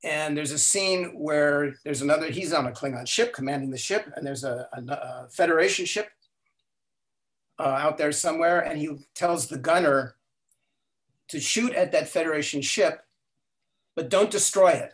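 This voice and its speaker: An older man telling stories as an interview guest. He talks in an animated way, acts out the quotes and often restarts his sentences. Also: on the high side, moderate pace. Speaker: guest, language inventor. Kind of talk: storytelling interview.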